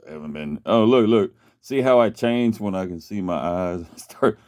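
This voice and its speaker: A man's voice: low-pitched, animated, normal speed, darkish tone. A man casually telling a long personal story, rambling and profane, with many restarts. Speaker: vlogger.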